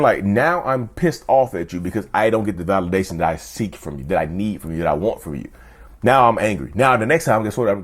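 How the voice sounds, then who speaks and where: A man hosting his channel, talking earnestly to camera in casual chat, often repeating himself and jumping up in pitch for emphasis. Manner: earnest, repetitive, keeps asking "you see what I'm saying"; jumps sharply up in pitch for emphasis. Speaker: YouTube channel host.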